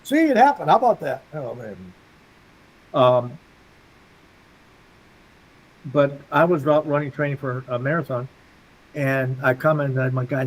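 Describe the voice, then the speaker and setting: An older man speaking to a support group, telling stories in an animated way and acting out the voices of the people in them. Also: mid-range voice, a little slow, pauses often, slight background noise. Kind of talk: storytelling talk to a group.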